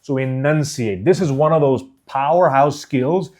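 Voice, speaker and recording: A man teaching a speaking course, speaking deliberately and clearly enunciating each syllable with emphasis. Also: mid-range voice, a little mellow. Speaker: speaking coach. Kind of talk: instructional course.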